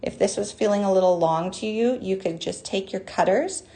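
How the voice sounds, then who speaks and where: A woman hosting a live jewelry-making class, chatty and bubbly, greeting viewers by name, with a naturally high voice. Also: normal speed, warm tone. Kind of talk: live online craft demonstration.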